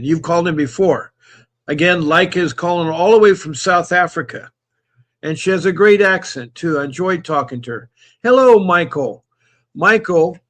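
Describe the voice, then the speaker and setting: Here a livestream host with a high-pitched, fairly bright voice reads out comments from viewers and says hello to each by name. He's talkative and tends to repeat himself.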